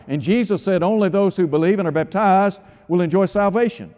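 Male preacher, radio sermon, emphatic and insistent, fairly high voice, long hall echo. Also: a little fast, a little mellow. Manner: emphatic, rhetorical questions, quoting scripture.

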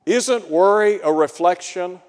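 A man's voice: sits high, a little slow, clear, resonant tone. A man preaching a sermon in an earnest way, asking his listeners rhetorical questions. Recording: long hall reverb.

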